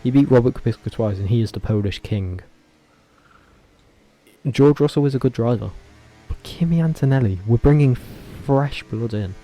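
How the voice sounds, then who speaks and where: A man vlogging casually, talking in a rambling, animated way with frequent self-corrections and tangents. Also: medium pitch. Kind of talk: casual opinionated commentary.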